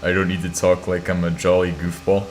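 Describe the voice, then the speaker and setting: Deep and completely flat, this sleepy American streamer's voice moves briskly over slight background noise. He's chatting casually, narrating his thoughts as he types commands, dropping the odd curse word, and poking fun at himself.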